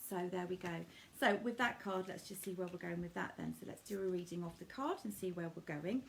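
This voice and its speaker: A woman's voice: lowish voice, a little fast, creaky, slight background noise. A middle-aged woman doing a live card reading, affectionately calling viewers darling and sweetie.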